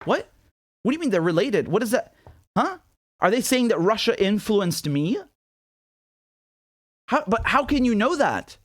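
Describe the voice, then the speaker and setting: A man's voice: high-pitched, very animated, unhurried, long pauses, no echo, clean studio sound. A man from Britain hosting his own commentary show, speaking in an incredulous, sarcastic manner with many repeated rhetorical questions. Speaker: independent journalist and show host. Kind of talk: commentary monologue to camera.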